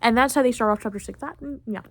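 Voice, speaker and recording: A teenage girl hosting a podcast who recaps a video game in a chatty, excitable way, full of fillers. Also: on the high side, fast talker. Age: late teens. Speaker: podcast host.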